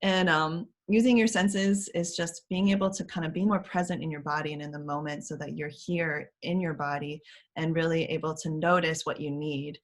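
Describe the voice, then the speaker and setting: Animated woman coach on a video call. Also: low voice, normal speed. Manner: animated, acts out children's voices in sing-song tones; frequent fillers and light laughter. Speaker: parent empowerment coach. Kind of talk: casual explanatory talk as interview guest.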